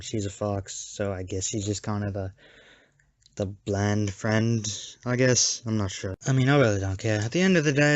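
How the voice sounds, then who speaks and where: A man's voice: fairly low pitch, no echo. A man giving a sarcastic, jokey scripted movie review with mocking asides. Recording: dull lo-fi home mic.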